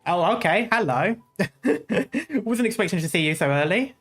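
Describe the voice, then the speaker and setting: A VTuber from Essex, England, reads a story game's dialogue aloud and breaks off to chat with viewers. The voice sits in the middle of the pitch range and laughs easily between lines. Soft music plays underneath. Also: lively intonation, a little slow. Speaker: VTuber streamer. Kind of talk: casual gameplay commentary and dialogue reading.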